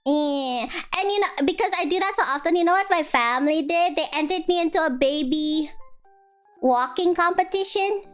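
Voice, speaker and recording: High-voiced young woman telling rambling stories. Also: moderate pace, faint music behind. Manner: rambling, animated storytelling with many fillers. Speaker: streamer. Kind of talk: casual chat.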